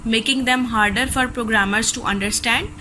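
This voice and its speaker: A woman's voice: a little high, steady tone, moderate pace, bright, forceful tone, slight background noise, low-quality recording. A woman teacher with a Pakistani accent, reading a recorded class lecture steadily from textbook notes.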